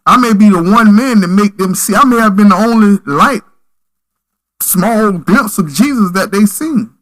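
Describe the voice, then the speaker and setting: Bright, forceful man telling earnest stories. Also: sits high, animated, moderate pace, poor audio. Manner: earnest, preacherly, emphatic storytelling. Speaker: podcast guest, mentor. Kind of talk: storytelling in conversation.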